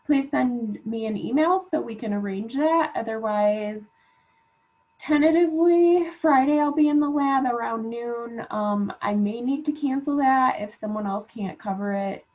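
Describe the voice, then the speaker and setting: A woman college instructor giving relaxed class reminders with lots of "um" fillers, while feeling unwell. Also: fairly high pitch, a little slow. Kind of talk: recorded class announcements. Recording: dull lo-fi class recording.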